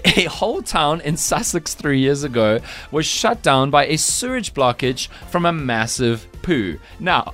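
A man hosting a breakfast radio show, playful and quick with jokes. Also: a little high, fairly bright tone. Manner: playful, laughing, quick asides. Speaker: radio host.

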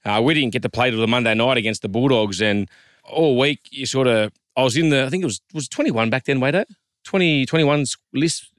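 A man's voice: medium pitch, fairly quick, fairly bright tone, dry recording, clean studio sound. An Australian man, a co-host and former rugby league player, telling a long story in a chatty, matey way, with many restarts. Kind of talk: casual storytelling.

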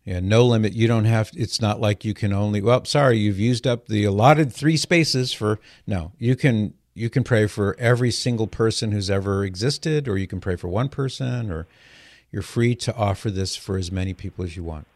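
A man's voice: fairly low pitch, brisk, a little mellow, no echo. A man hosting a call-in radio show, explaining things in an earnest, patient way.

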